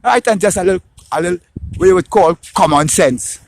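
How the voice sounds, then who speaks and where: A man from Trinidad and Tobago talks fairly quickly in a high-pitched voice with a Trinidadian accent, slight background noise behind him. He rants in an animated, opinionated monologue, swearing and tacking "right?" onto his points.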